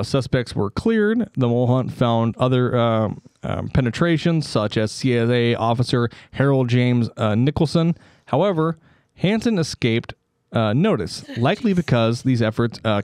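A man's voice: medium pitch, expressive, normal speed, darkish tone, clean tone, no echo, clean studio sound. A man co-hosting a comedy podcast, reading out a story casually and stumbling over names with joking asides. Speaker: podcast co-host.

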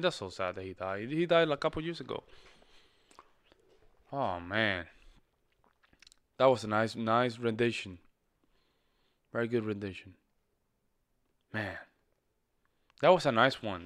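Male reaction host, low-ish bright voice, laid-back chatty delivery, dry room. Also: dry recording. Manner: casual, repeats himself, says bro and man a lot. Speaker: music reaction channel host. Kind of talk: casual reaction commentary.

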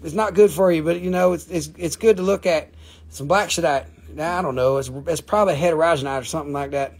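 A man's voice: a little high, fast talker. A man hosting a casual live stream, selling rocks with profane, rambling jokes. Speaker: live stream rock seller.

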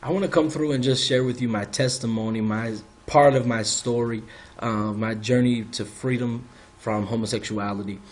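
A male minister giving a measured, earnest personal faith testimony. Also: medium pitch, fairly even intonation.

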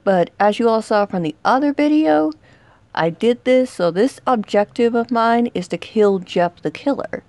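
A young woman commenting on a horror game she is playing, dramatic, shouting and taunting the villain as she goes. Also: a little high, lively intonation, moderate pace, no echo. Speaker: gaming youtuber. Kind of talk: excited let's-play commentary.

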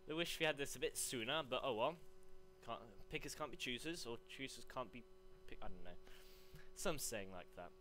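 A young man commentating live on his gameplay, rambling between chat and excited yelps. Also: mid-range voice, moderate pace, slight background noise. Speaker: gaming commentator.

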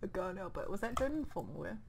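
A woman's voice: mid-range voice, sing-song, fast, vocal fry, noisy background. A young woman with a New Zealand accent rambling casually through gameplay commentary into a desk microphone at home, muttering to herself as she goes. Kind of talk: casual let's play commentary.

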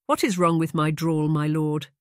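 Guy doing a young lady, earnest and a bit nervous, pitched up, audiobook read, dry room. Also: steady tone, moderate pace, clean tone, no room sound, natural voice. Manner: raised, lighter pitch, earnest and questioning. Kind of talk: audiobook narration.

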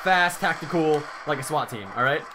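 A young man co-hosts a let's play, his slightly high voice moving at a moderate pace over a noisy background. Talking casually over the game, he swears often and laughs at his partner.

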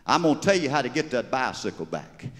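A man's voice: medium pitch, big pitch swings, fast talker, in a large hall, natural voice. A man with a Southern US accent voicing an earnest young Methodist preacher exhorting a colleague, recorded live on stage.

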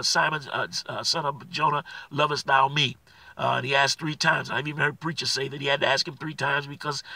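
A minister preaching a sermon in a gravelly, somewhat husky voice that sits a little high for a man. His delivery repeats phrases for emphasis and climbs into forceful proclamations. The recording is dry and close. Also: no room sound, distant mic. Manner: preacherly, rises to emphatic declarations; repeats phrases, frequent uh fillers.

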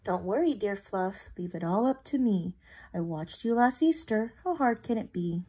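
A woman's voice: mid-range voice, expressive, normal speed, warm tone, husky. A woman doing an earnest young elephant. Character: young male elephant posing as a bunny, earnest.

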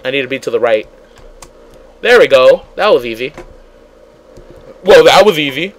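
A man's voice: mid-range voice, lively intonation, moderate pace, rough recording. A man hosting a gaming session, chatting casually and bickering with his friends in a joking, exclamatory way. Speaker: host of a gaming channel. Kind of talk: casual let's-play chat.

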